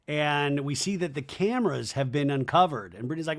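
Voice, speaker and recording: Chatty male podcast host, slightly high voice, casual rambling recap delivery. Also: fairly quick, few pauses. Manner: chatty and animated, lots of "like" and asides. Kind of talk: casual reality-show recap.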